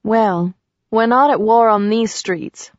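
A woman's voice: on the high side, slow, no room sound. A woman voicing an exasperated but kind young woman who teaches a man to drive, raising her voice a little as she scolds. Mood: exasperated teaching. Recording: dull dry recording.

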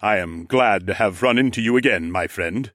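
A man's voice: lowish voice, normal speed, a bit bright, no room sound, studio quality, natural voice. A man voicing a jovial, knowing older ram lord with horns, who speaks in a teasing, slightly formal way. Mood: amused.

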